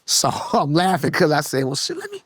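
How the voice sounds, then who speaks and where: A man from Los with a gravelly voice, telling a personal story bluntly and candidly in an interview. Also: fairly high pitch, huge pitch swings, moderate pace, a bit bright, no echo, studio quality. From Los Angeles, USA. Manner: blunt, profane, heartfelt, slips into voices when quoting. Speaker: guest musician and producer.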